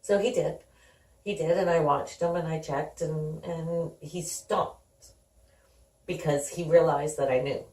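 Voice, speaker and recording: A woman's voice: low-pitched, steady tone, a little slow, mellow. A middle-aged woman telling her family's story in an interview, conversational and acting out the dialogue. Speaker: guest. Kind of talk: candid personal storytelling. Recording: roomy sound, distant from the mic.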